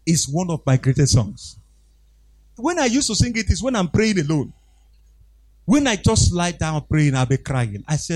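A man's voice: high-pitched, big pitch swings, moderate pace, a little mellow. A man preaching a sermon as pastor, exhorting the congregation with call-and-response and emphatic repetition. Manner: emphatic, repeats phrases.

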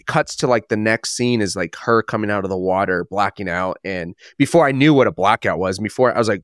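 A man co-hosting a podcast in casual chat, rambling and correcting himself as he gets excited. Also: fairly low pitch, clear, resonant tone, dry recording, clean studio sound. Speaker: podcast co-host.

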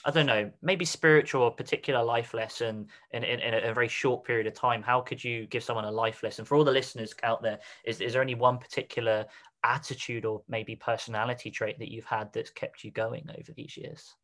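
A man hosts a casual interview podcast, his voice sitting at an ordinary middle pitch. He rambles through long examples before reaching his question. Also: fairly even intonation, fairly quick, fairly bright tone. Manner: rambling, explains with examples and put-on quotes. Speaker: podcast host.

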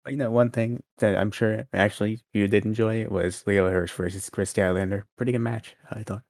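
Man, podcast co-host, rapid delivery, low pitch, sarcastic. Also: steady tone, a little mellow, no echo, studio quality. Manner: quick, sarcastic, wry. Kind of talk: casual wrestling podcast chat.

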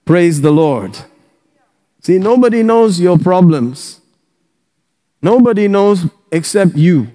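Man, pastor, sermon, animated, bursts of laughter, slightly high voice, long hall reverb. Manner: animated preaching with bursts of laughter and shouted praise.

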